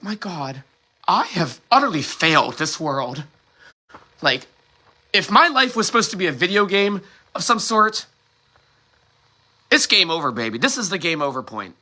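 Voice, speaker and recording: A man's voice: high voice, pushed and bright. A man from the United States hosting a solo monologue, impassioned and rambling, swearing often and restarting his sentences. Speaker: host.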